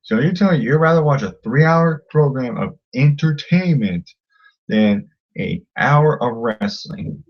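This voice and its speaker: A man's voice: mid-range voice, lively intonation, a little slow. Guy ranting at someone online, heated and insulting, muffled lo-fi audio. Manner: combative, insulting, repeats himself. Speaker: vlogger. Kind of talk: angry rant to camera.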